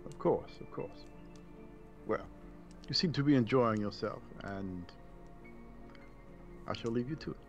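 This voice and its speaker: A man speaking as a courteous gentleman adventurer with stately, old-fashioned phrasing, in a low, gravelly voice. He plays it in a tabletop role-play. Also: lively intonation, a little slow, pauses often, muffled recording, faint music behind.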